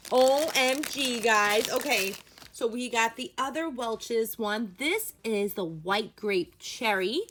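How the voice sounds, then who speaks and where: A young woman with a fairly high voice gushes over each toy she unboxes, gasping and squealing with delight. Her casual chat comes over a clearly noisy home recording with packaging crinkling behind her. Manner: gushing, excitable, gasps and squeals of delight.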